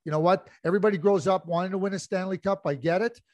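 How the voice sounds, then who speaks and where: Fairly high-voiced man analyzing hockey. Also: fairly even intonation, fast, no room sound. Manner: analytical, many restarts and fillers. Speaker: podcast co-host, hockey analyst. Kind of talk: casual sports chat.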